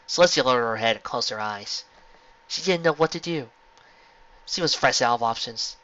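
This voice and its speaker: A man's voice: mid-range voice, a little fast. Man reading a fan story aloud. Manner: expressive narration. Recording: lo-fi home recording.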